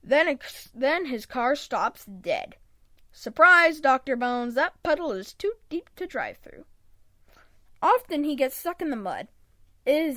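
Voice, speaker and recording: A woman reading a children's picture book aloud in an expressive read-aloud manner, close to a home microphone. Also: high voice, dry recording. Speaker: storybook reader.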